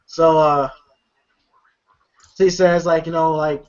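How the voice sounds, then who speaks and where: A man's voice: fairly high pitch, little pitch movement, takes it slowly, a little hiss or hum. Male podcast host, talkative recap style, dull lo-fi recording. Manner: rambling retelling full of fillers and laughs. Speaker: movie review host. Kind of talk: casual chat recapping a film.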